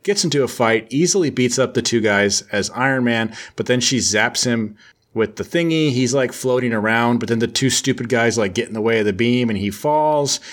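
Speaking in a mid-range, medium-pitched voice, a male host casually retells a comic book plot. His storytelling is loose and conversational, full of jokes and sarcasm.

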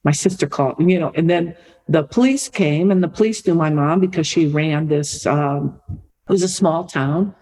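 A middle-aged woman, an author and podcast guest, telling a family story in a lively conversational way. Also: deep voice, moderate pace, rough recording. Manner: lively anecdotal storytelling, repeats for emphasis.

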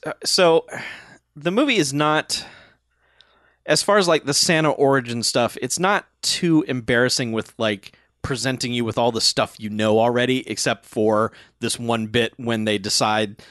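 A man's voice: medium pitch, moderate pace, dry recording, studio quality. A man co-hosting a podcast, joking about a movie and jumping in with laughing asides and voiced quotes. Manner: laughing, animated, jumps in with jokes and voiced quotes. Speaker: podcast co-host. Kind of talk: casual chat recapping a movie.

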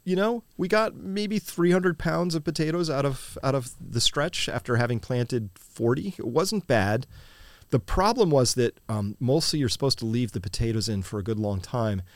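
A man hosting a live chat, telling rambling farm stories with quick asides. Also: mid-range voice, lively intonation, no echo. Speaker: host. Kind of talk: casual livestream chat.

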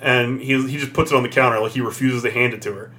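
Bright-voiced man telling a story. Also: mid-range voice, fast. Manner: animated storyteller who acts out voices. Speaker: podcast co-host. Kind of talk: casual podcast storytelling.

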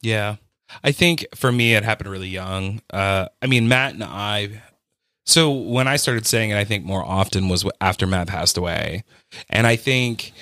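Low-voiced man telling lively stories. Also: no room sound, clean studio sound. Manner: animated storyteller, laughs often. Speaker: podcast co-host. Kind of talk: casual chat.

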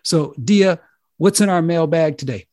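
A man's voice: on the high side, no echo, clean studio sound. Earnest, upbeat man hosting a show. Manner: earnest, animated, drawn-out emphasis. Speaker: host. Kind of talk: casual show talk.

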